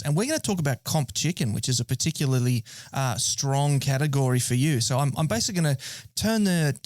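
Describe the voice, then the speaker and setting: A man hosting a podcast, introducing a segment in a relaxed, loose way. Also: mid-range voice, dry recording. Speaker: podcast host. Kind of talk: casual podcast interview.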